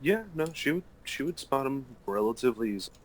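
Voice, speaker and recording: A man playing a tabletop game over an online call, formal in character and relaxed out of it. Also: medium pitch, quick pace, rough recording. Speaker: player. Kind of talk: casual tabletop role-play.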